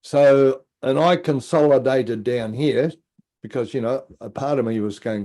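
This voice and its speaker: A middle-aged man appears as a podcast guest, telling a personal story at a measured pace. He's casual and animated, acting out quotes and dropping into low asides.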